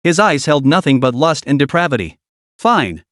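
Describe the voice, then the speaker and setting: A man narrating a comic story recap in a dramatic, even read. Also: fairly high pitch, a little fast, dry recording, clean studio sound.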